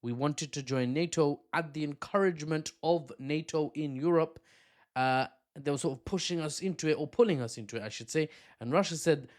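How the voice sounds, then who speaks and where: A man hosting opinionated geopolitical commentary, talking with animated, self-mocking asides. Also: fairly high pitch, a little fast. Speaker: host.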